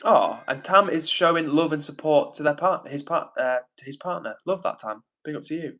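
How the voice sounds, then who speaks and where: This young male streamer answers his viewers in a loose, rambling way, full of fillers and restarts. His voice sits a little higher than most men's. He talks casually, like a friend chatting live. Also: animated, moderate pace, fairly bright tone. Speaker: livestream host reading chat.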